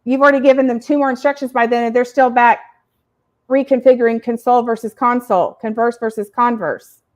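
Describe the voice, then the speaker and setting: A woman podcast host explaining ideas to parents in an animated, emphatic teaching style. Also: fairly high pitch, a little fast. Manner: animated, emphatic, uses acted examples. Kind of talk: educational explaining.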